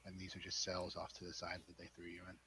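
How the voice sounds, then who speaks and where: A young man narrating as dungeon master in a relaxed manner, with hesitant fillers. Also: deep voice, fast talker, background noise. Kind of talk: narrating a tabletop game.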